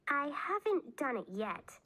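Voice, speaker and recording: A woman's voice: sits high, very animated, measured pace, bright, forceful tone, voice pushed up, full character voice. A woman reading aloud, voicing a serious young girl who plays at being a witch, earnest and a bit bossy.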